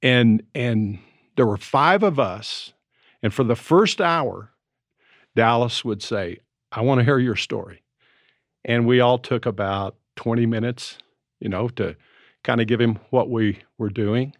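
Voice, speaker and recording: A man in his seventies telling stories in a relaxed, reflective conversation as co-host. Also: mid-range voice, a little slow, no echo, clean studio sound. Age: 70s. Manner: storytelling, reflective. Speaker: podcast co-host. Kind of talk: casual conversation. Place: Colorado.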